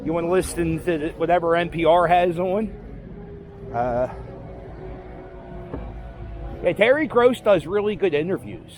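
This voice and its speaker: A man's voice: a little high, moderate pace, a little mellow, soft background music. A man giving a casual walking-tour vlog outdoors on a city street, rambling and correcting himself as he goes. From Philadelphia area. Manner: rambling, self-correcting, offhand. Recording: faint street noise outdoors.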